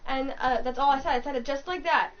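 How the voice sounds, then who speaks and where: A woman's voice: high-pitched, quick pace. A young woman telling a rambling work story in casual chat, swearing often and stringing her sentences together without a break. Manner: breathless run-on storytelling, swears a lot. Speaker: fast-food worker. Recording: muffled and distant, faint hiss.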